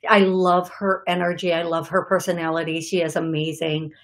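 A woman's voice: lowish voice, flat delivery, moderate pace, fairly bright tone. A woman hosting a live call-in psychic show, talking in an effusive, gushing way with many fillers. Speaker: psychic medium show host. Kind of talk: live call-in show, reading viewer messages. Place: studio.

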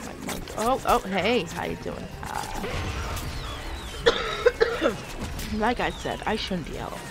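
A young woman commentating her live game stream, muttering quietly and then yelling at teammates. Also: medium pitch, very animated, slow pace. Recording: game music behind voice.

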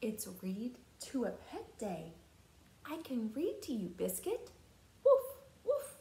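Slow gentle teacher reading a storybook. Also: female voice, a little high, very animated, slight background noise. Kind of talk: storybook read-aloud for children. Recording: roomy echo.

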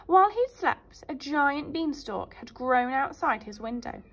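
Woman teacher, reading storybooks to infants, animated and high. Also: a little slow. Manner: animated, sing-song storytelling. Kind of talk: storybook reading for young children.

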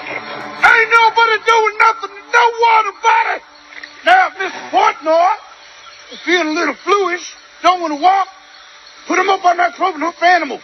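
A man's voice: very high-pitched, normal speed, lo-fi sound, noisy background. A man hosting a reaction video, chatting casually and upbeat. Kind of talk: casual chat.

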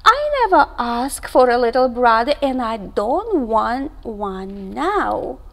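A grumpy big-brother cub, as a woman reading aloud puts him on, sounding cross and exasperated. His high, swooping voice drags out each word slowly. It is a storybook voice for young children. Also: lively intonation, fairly bright tone, in a large hall, full character voice.

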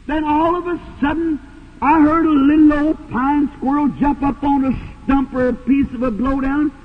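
A man preaching a sermon, telling a story with fervor and sometimes breaking into shouts. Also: extremely high pitch. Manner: fervent, rises to shouts. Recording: tinny old tape in a hall.

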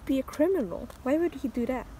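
A woman's voice: sits high, lively intonation, brisk, warm tone, breathy edge. A woman playing a hesitant, stammering father looking after his son in an amateur puppet video. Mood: exasperated.

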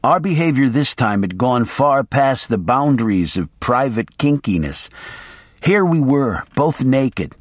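A man's voice: medium pitch, no room sound, studio quality. A man reading a novel aloud in the first person, wry and dramatic. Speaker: audiobook narrator. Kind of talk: audiobook reading.

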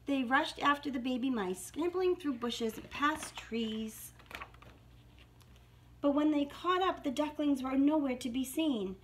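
A woman's voice: on the high side, a little slow. A woman reading a storybook aloud to young children in a sing-song manner.

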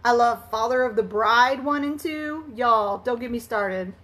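A woman's voice: fairly high pitch, unhurried, a bit bright. A woman hosting a casual live stream while she crafts. She chats in a bubbly way, greets viewers by name and laughs often.

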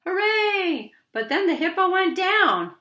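Slow, bright-voiced woman reading to kids. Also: medium pitch, very animated, lo-fi sound. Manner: gentle, teacherly, slow. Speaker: children's story reader. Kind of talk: reading a picture book aloud with toys.

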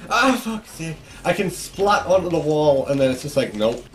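A man's voice: fairly high pitch, big pitch swings, moderate pace. A young man giving frustrated, swearing let's play commentary while gaming. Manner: frustrated, swearing, shouting at the game. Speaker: gaming YouTuber.

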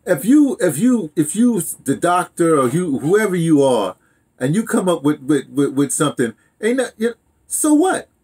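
Uomo dalla voce roca e acuta, molto espressiva. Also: male voice, on the high side, big pitch swings, moderate pace, darkish tone, breathy edge. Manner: emphatic, repeats words while building a point. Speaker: podcast host. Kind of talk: casual chat.

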